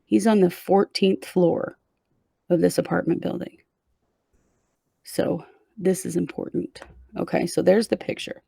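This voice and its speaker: Creaky low-voiced woman recounting a case. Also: steady tone, unhurried, pauses often, warm tone, no echo. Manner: conversational, recounts events step by step. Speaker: true crime show host. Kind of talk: casual case retelling to a co-host.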